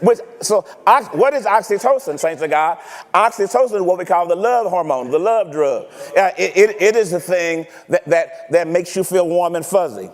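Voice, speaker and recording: High-voiced preacher in an echoing church. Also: male voice, moderate pace. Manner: animated, teasing preaching with rhetorical questions. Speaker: pastor. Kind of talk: sermon. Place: church sanctuary.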